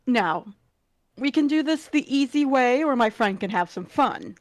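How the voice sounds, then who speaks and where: A woman playing a cocky young male adventurer who makes a straight-faced threat in a tabletop game, in a lightly lowered voice. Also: expressive, a little slow, no room sound. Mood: deadpan threatening.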